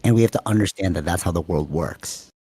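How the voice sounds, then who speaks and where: Low-voiced guy rambling fast on a podcast call, dry close sound. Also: husky, dry recording. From Canada. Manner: fast-talking, rambling, animated. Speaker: podcast co-host. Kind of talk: casual chat.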